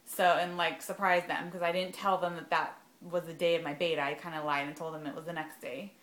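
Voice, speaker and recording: A woman's voice: fairly low pitch, level tone, fairly quick, fairly bright tone, reverberant. A young adult woman talking casually in a rambling vlog, full of "like" and "um". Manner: chatty, rambling, lots of "like" and "um". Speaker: vlogger sharing fertility journey.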